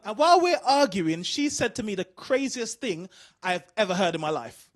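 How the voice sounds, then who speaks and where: A man from the UK doing an animated stand-up routine, asking the crowd questions. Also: high-pitched, moderate pace. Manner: animated storytelling, asks the crowd. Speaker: stand-up comedian.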